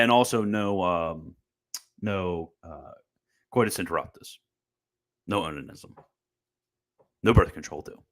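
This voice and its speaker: A young man giving casual, combative commentary on church teaching, sarcastic and full of restarts. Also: on the low side. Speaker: Catholic commentator.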